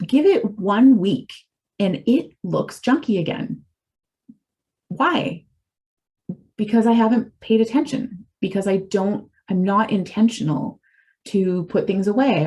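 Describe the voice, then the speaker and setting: A woman's voice: fairly low pitch, mellow. A middle-aged woman giving a candid, rambling personal testimony as a speaker for a recovery community. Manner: earnest, confessional, rambling.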